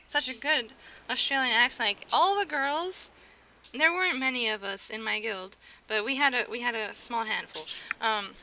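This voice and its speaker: A woman's voice: sits high, sharp tone. A young American woman streaming, chatting casually and giggling, often restarting her sentences. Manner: chatty, giggly, self-interrupting. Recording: clear background noise.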